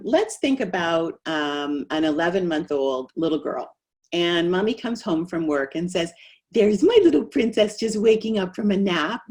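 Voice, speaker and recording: Middle-aged woman giving a webinar talk, lowish voice that swings all over, really animated. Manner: animated, acts out quoted voices. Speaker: speech-language pathologist. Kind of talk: webinar presentation.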